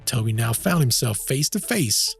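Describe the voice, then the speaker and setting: A man's voice: mid-range voice, lively intonation, moderate pace, soft background music. A man narrating a documentary in a conversational tone and asking rhetorical questions.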